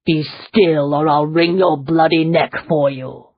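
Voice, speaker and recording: A woman voicing a stern Victorian gentleman with hypnotic powers, speaking in a clipped, angry, commanding way, in an audiobook. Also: low voice, steady tone, slow, no echo, muffled recording. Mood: menacing. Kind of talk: audiobook character voice.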